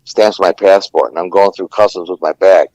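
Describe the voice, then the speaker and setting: A man's voice: deep voice, steady tone, moderate pace, a little mellow, no room sound, low-quality recording. A man, a former ring announcer, telling rambling fight stories on a podcast with many fillers and curses. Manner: rambling anecdotes with frequent fillers and profanity. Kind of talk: casual storytelling.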